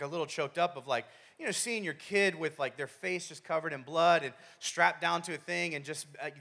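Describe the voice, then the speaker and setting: Bright high-voiced man preaching casually. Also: vocal fry. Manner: casual storytelling, acts out his younger self in a high whiny voice. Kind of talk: sermon story to a congregation.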